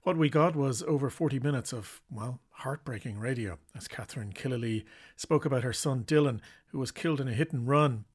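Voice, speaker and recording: A man hosting a radio catch-up show, reading measured scripted links that introduce each item. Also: mid-range voice, breathy edge. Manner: measured, introduces items in turn.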